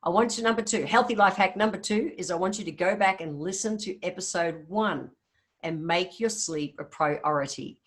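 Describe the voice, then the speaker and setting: A woman's voice: fairly low pitch, normal speed. Chatty Australian woman podcast host. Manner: chatty, upbeat, addresses listeners as guys. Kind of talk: casual solo podcast talk.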